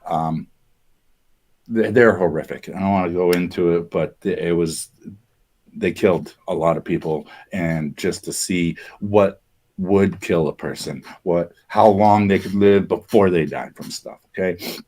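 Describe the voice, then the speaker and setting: Guy with a lowish voice hosting a live talk show, chatty, lots of um and you know. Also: measured pace, darkish tone. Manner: conversational, jokey asides, frequent fillers and restarts. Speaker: show host presenting research. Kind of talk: casual podcast commentary.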